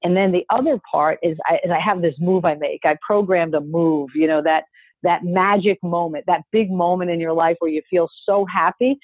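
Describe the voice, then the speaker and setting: A woman's voice: fairly low pitch, normal speed, slightly rough, no room sound. A woman coach giving an upbeat, emphatic motivational talk, coaxing listeners to repeat phrases after her, heard over a call. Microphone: call audio. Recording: dry tinny phone-like call audio.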